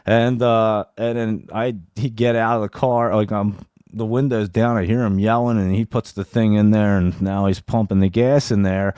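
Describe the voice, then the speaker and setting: A man hosting a live show, telling a wild story in a casual, profane, animated way and laughing as he goes. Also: fairly low pitch, moderate pace, clear, resonant tone, dry recording.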